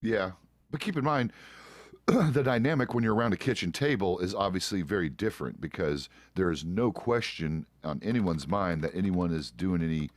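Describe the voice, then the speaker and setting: Middle-aged American guy, very low voice, dry close sound; relaxed, profane streamer chatter. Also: no room sound. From United States. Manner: profane, laid-back, chuckles often. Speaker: roleplay streamer. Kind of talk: casual chat while roleplaying a game.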